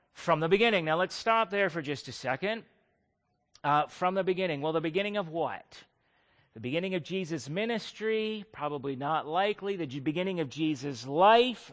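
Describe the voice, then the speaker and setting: A male pastor preaching a sermon, animated and emphatic, putting questions to his congregation. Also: a little high, in a large hall. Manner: animated preaching with wide swings in loudness, asks the congregation questions.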